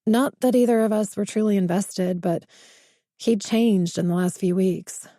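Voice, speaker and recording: A woman narrates a first-person thriller audiobook, building suspense at an even pace. Her voice is dark and mellow and sits at a middle pitch. The recording is close and dry. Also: dry recording.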